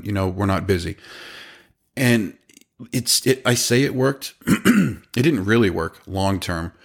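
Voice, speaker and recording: Man telling a work story. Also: on the low side. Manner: animated, quotes people in their own voices. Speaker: business owner telling a story. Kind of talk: casual storytelling.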